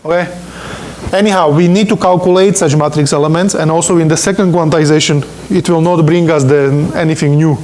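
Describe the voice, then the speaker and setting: A man's voice: a little high, fairly even intonation, brisk, darkish tone, slight background noise. A man who is not a native English speaker, lecturing on physics in an informal, joking way and often checking in with "okay?". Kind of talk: university lecture. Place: lecture room.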